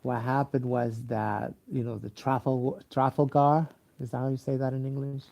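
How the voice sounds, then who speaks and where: Sleepy, gravelly man. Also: medium pitch, level tone, darkish tone. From Mexico. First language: Spanish. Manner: halting, many fillers and restarts, profane. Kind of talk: rambling casual monologue.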